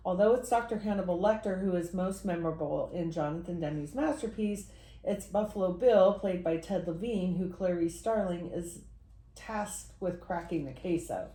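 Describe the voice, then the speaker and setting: A woman's voice: on the low side, normal speed, warm tone. Woman podcast host, roomy room sound. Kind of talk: casual chat and reading notes. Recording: roomy echo.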